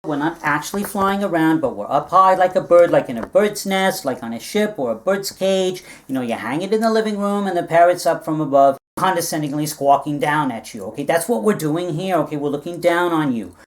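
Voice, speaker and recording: A woman playing a long-winded schemer who lectures and keeps adding "all right?", in a low-budget comedy film. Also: expressive, a little fast, hardly any pauses. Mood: scheming. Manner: rambling, lecturing, with many "all right?" asides.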